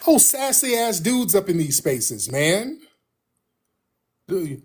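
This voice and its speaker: A man's voice: sits high, sing-song, slow pace, pauses often, slightly rough. A man hosting a livestream in casual chat, telling stories in a slangy, laid-back way. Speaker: livestream host.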